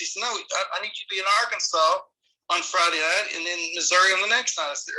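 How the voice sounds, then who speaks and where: A middle-aged man, casually telling rambling, animated stories as a podcast guest. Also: high-pitched, quick pace, rough recording. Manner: rambling, animated, with many restarts. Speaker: guest, former amateur wrestler. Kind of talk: casual storytelling.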